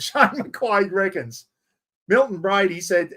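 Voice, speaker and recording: A man's voice: sits high, lively intonation, measured pace. An Australian man hosting a live stream, chatting casually and joking at himself while fumbling with the computer. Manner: chatty, self-mocking, talks to viewers while fumbling with software. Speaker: livestream host.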